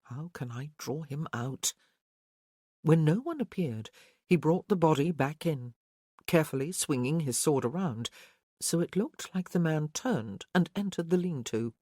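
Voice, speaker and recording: A narrator reading a historical romance audiobook in a steady storytelling voice. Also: mid-range voice, moderate pace, no room sound.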